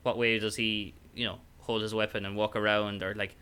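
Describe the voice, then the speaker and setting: An Irish man, a podcast guest and tabletop player, chats easily in a bright, clear voice with a smooth ring, fairly low in pitch, fairly quick, and with little pitch movement. He rambles through his thoughts, full of fillers and restarted sentences.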